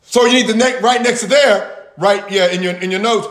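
A man teaching a Bible passage in sermon style, repeating key words with long pauses and talking back and forth with his listeners. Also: high voice, fairly bright tone, reverberant. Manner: talks with the audience, answers their replies. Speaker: pastor teaching a Bible study.

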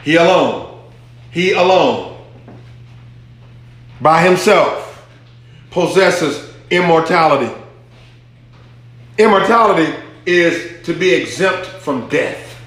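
Slow-preaching man in an echoey hall. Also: on the high side, animated, a bit bright. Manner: repetitive, emphatic teaching with call-and-response. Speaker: pastor. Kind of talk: sermon.

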